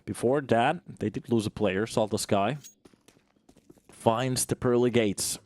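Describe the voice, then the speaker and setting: A man's voice: medium pitch, measured pace, darkish tone, no room sound. A man giving live play-by-play commentary on a competitive match, chatty and joking with viewers between calls. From Finland. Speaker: esports commentator.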